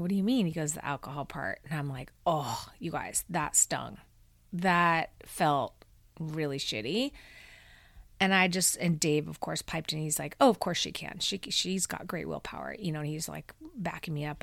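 Hosting her own podcast, a middle-aged woman tells a personal story in a monologue, speaking openly and emotionally with lots of fillers. Her voice sits low with a slightly bright quality, recorded dry in clean studio sound.

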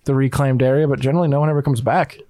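A man's voice: medium pitch, fairly even intonation, racing, dark tone, no room sound, studio quality. A man running a tabletop game as game master, narrating loosely with lots of fillers and restarts. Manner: rambling, filler-heavy narration.

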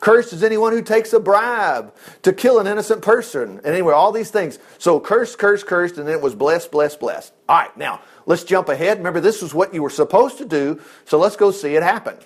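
A man preaching a lively sermon, reading scripture with loud exclamations and quick low asides.

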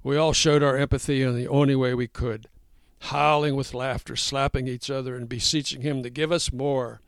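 A man reading his own first-person story aloud, with a wry tone and lively voices for the dialogue. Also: mid-range voice, moderate pace, smooth, dry recording, clean studio sound.

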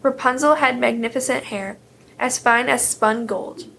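A woman reading a fairy tale aloud in a steady, clear storytelling manner. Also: fairly high pitch, measured pace, slight background noise.

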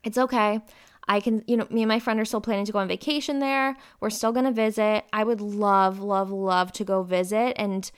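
A woman in her twenties hosting a podcast, talking casually and openly with lively bursts of emphasis. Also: mid-range voice, a little fast, clear, resonant tone. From Ohio. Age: 20s. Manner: chatty, open and confessional, with lively bursts of emphasis. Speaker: podcast host. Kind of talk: casual personal chat.

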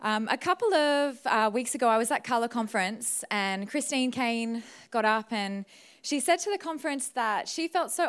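A woman's voice: on the high side, smooth. A young woman giving a sermon at a church service, candid and emotional, tearing up at moments. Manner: emotional, warm and candid, laughs and tears up at times. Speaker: guest preacher.

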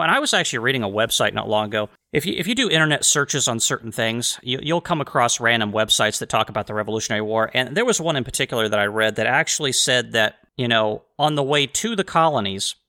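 Male podcast host, bright, sarcastic and rambling, mock-apologetic asides. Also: medium pitch. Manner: mocking, sarcastic, rambling with restarts. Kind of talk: sarcastic history podcast monologue.

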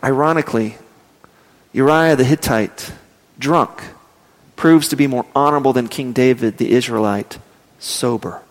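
A man preaching a sermon, telling stories and dropping his voice low and slow for emphasis. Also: big-room sound. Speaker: pastor.

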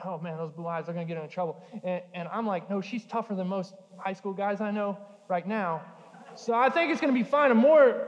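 A young man preaching a sermon, telling jokey, animated stories with playful asides. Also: high-pitched. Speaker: pastor. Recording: dull sound in a large reverberant hall.

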